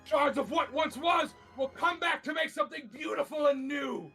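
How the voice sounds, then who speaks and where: A man voicing an excitable young male summoner in a tabletop game, speaking a theatrical incantation. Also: on the high side, moderate pace, faint music behind, low-quality recording. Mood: fervent. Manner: theatrical incantation, builds to shouting.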